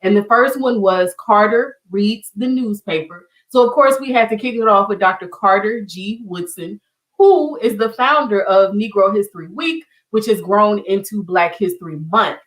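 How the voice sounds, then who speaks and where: A middle-aged woman with a Southern US accent hosts an online teach-in, chatting to viewers in a warm, encouraging way. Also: medium pitch, moderate pace, distant mic, poor audio. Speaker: online community show host. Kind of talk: casual livestream teaching.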